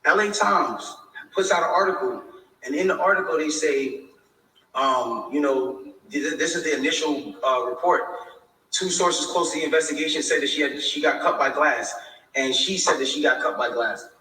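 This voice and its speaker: A man's voice: on the high side, normal speed, pushed and bright, distant mic. A man in a livestream monologue, defensively explaining his side at length. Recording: echoey room, away from the mic.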